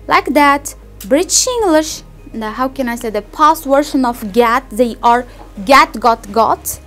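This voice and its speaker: A young woman whose first language is Uzbek, giving a classroom presentation in a careful, deliberate way and repeating her example words. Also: high-pitched, expressive, a bit bright, faint music behind. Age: young adult. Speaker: student presenter.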